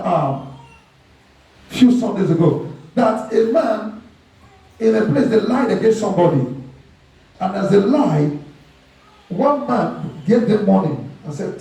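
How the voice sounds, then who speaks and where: Male pastor, high voice with a mellow tone, preaching in a big echoey church from a distance from the mic. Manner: preaching with acted quotes and pidgin asides. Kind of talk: sermon. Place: church hall. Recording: very echoey hall, mic far off.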